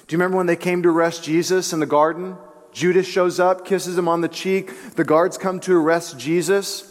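A man preaching a sermon, telling stories with animation and dropping to a hushed voice for emphasis. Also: on the high side, moderate pace. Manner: animated storytelling, drops to hushed tones for emphasis. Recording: long hall reverb.

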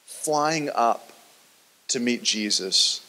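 A man preaching a sermon as a pastor, telling the story dramatically and often dropping his voice low and quiet. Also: animated, very slow. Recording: long reverb of a large hall.

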